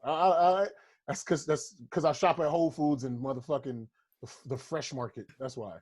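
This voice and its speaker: A husky-voiced American man riffing loosely on a podcast, profane and rambling. His voice sits a little high for a man, and he jumps into mocking voices when he tells a bit. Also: fairly even intonation, moderate pace, darkish tone. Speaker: podcast co-host, comedian. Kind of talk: casual podcast banter.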